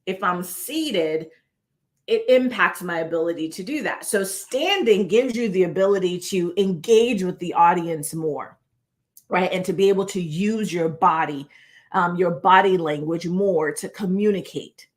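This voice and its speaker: A woman presenting a casual video lesson on speaking, talking in an animated, conversational way and often asking "right?". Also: fairly low pitch, measured pace. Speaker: presentation coach. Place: indoor room, moving between standing and seated. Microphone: on-camera recording.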